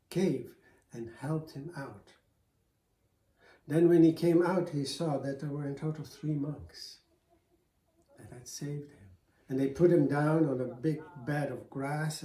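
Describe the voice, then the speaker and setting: A man telling a folk tale aloud in a loose, chatty way, full of "you know" and little restarts. His voice is mellow and dark-toned. He sounds like he's in a roomy space with a clear echo. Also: a little high. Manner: conversational, with fillers and restarts. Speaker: storyteller.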